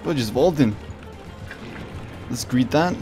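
A man giving casual, excitable gameplay commentary, swearing often and talking to his opponent. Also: mid-range voice, slow, soft background music. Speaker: gaming video creator.

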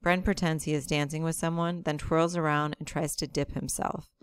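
A woman teacher reading a novel aloud to her class in steady, plain narration. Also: low voice, moderate pace, clean tone, no room sound.

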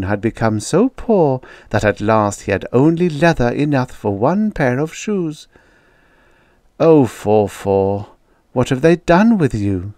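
A man narrates a dark old science fiction tale slowly and dramatically. His pitch swings freely as he dwells on each phrase. The recording is close and dry, with no room echo. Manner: slow, dramatic, musing first-person delivery. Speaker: audiobook reader. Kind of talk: scripted audiobook narration.

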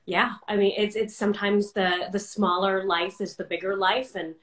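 A woman's voice: mid-range voice, little pitch movement, moderate pace, a bit bright, echoey room. A woman hosting an interview podcast, speaking in a reflective, encouraging way. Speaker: podcast host. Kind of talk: casual interview chat.

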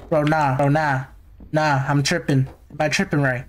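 A man's voice: fairly high pitch, level tone, moderate pace, slight background noise. A man giving nervous, jumpy commentary while playing a horror game, talking to himself. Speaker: gaming YouTuber.

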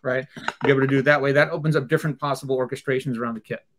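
A man's voice: medium pitch, fairly even intonation, racing, background noise. A man, a drum teacher, explaining rudiments in casual chat, singing out the drum patterns and using many fillers.

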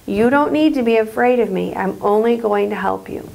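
A woman's voice: a little high, moderate pace, gravelly, low-quality recording. A woman voicing a grown man who is a runaway burglar in a children's story, speaking plainly. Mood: gentle. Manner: brusque, then gentle. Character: gruff grown man, a burglar hiding in woods.

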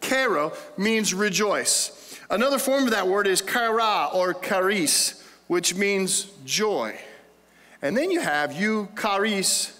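Bright high-voiced pastor preaching. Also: male voice, expressive, takes it slowly. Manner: conversational, playful, asks the congregation questions. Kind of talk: sermon. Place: church sanctuary. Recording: long hall reverb in a church.

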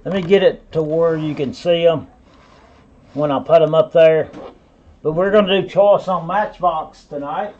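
Man, auctioneer, high voice, repetitive bid calling, dull lo-fi sound. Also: fairly even intonation, measured pace, darkish tone. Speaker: auctioneer and host. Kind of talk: live online auction calling.

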